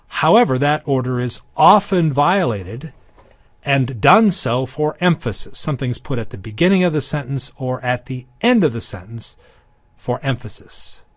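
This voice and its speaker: A man's voice: mid-range voice, dry recording. Man lecturing on Greek grammar. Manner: dry humor, frequent ums and restarts. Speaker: Greek teacher. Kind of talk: recorded lecture.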